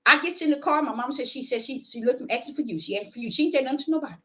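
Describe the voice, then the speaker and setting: A woman preaching with passion and telling personal stories, repeating her phrases for emphasis and swinging between loud declarations and hushed moments. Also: high-pitched, rapid-fire. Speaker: self-described prophetic preacher. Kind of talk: impassioned preaching and personal testimony.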